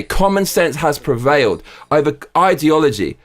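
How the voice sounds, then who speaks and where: A man hosting a live reaction stream, excitable and profane, reading viewer comments aloud. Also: a little high, moderate pace, few pauses.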